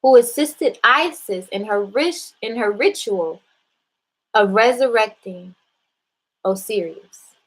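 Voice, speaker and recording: A woman's voice: mid-range voice, animated, takes it slowly, low-quality recording. A woman hosting a casual spiritual talk, speaking bluntly and with profanity straight to her viewers. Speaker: spiritual live-stream host.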